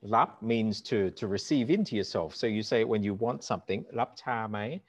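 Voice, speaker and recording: A middle-aged man explaining language points in an animated, instructive way, speaking aloud examples as he goes. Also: lowish voice, normal speed, slightly rough, dry recording. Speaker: language teacher and guest. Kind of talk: explanatory conversation. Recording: dull lo-fi call audio.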